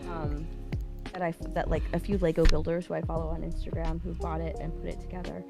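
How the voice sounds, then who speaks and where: A woman's voice: sits low, level tone, quick pace, over music. A woman guesting on a casual livestream, chatting loosely with lots of "like" and restarts. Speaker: guest creator. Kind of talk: casual hobby-stream chat.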